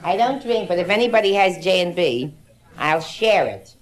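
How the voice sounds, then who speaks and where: A middle-aged woman performs bawdy stand-up on a nightclub stage before a live audience, teasing the crowd through a handheld mic. Her fairly low voice is expressive at a moderate pace, with some chatter and slight noise behind her in this roomy early-1960s live club recording with music.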